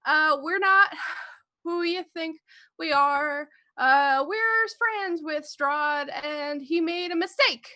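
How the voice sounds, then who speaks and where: A woman doing Hemlock, a high, flustered adventurer. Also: slow, sharp tone, heavily acted. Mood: pleading. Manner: pleading, flustered. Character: Hemlock, a small female adventurer speaking in an accent.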